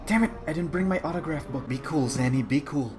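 A young man giving excited, jokey commentary while playing a VR game, taunting enemies and shouting at the action. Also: on the high side, a little fast, music in the background. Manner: playful, jokey, yells at enemies. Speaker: gaming YouTuber. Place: home, playing VR.

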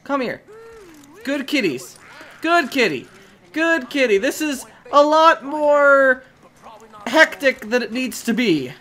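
A woman casually commenting as she plays a video game, chatty and excitable, shrieking at sudden scares and coaxing a pet in baby talk. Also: high voice, slow, pauses often. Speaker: gaming video host. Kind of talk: casual let's-play commentary.

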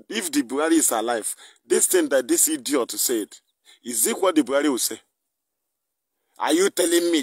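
A man's voice: medium pitch, breathy edge, dry recording. A man delivering an indignant political rant, firing off rhetorical questions. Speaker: political commentator.

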